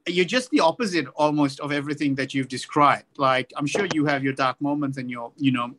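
A man's voice: fairly high pitch, fairly quick, a bit bright, a little hiss or hum. A man co-hosting a podcast, asking rambling, hesitant questions in casual chat. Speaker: podcast co-host.

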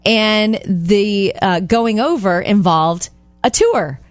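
Lively woman telling stories on air. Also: slow, dry recording. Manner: animated storyteller, acts out quotes in high voices. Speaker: co-host. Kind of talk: casual radio show chat.

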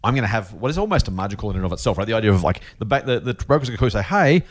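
Fast-talking Australian man hosting. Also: fairly low pitch, animated. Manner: chatty, enthusiastic, reads listener questions aloud. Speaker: podcast co-host. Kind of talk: casual investing podcast chat.

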